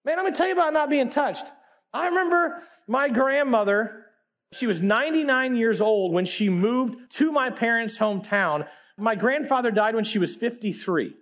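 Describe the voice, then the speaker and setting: A man preaching a sermon in a casual, animated way, full of slang, swinging between loud emphatic bursts and quiet low asides.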